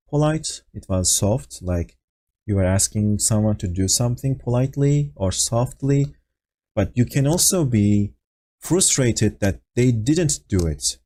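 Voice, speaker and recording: Slow, mellow-voiced male language teacher. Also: mid-range voice. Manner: explains patiently with fillers and acted example phrases. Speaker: Turkish teacher. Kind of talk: online language lesson. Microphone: voice call on Discord.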